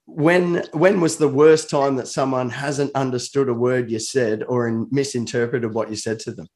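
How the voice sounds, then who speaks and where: A man's voice: mid-range voice, steady tone, moderate pace, a little mellow. Jokey middle-aged male interviewer. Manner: jokey, self-deprecating questioner. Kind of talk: casual interview chat.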